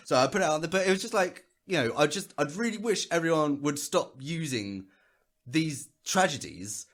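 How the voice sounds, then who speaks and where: Animated sweary man ranting. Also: fairly high pitch, moderate pace. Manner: rambling, sweary, mimics others in quoted voices. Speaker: podcast co-host. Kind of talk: casual chat.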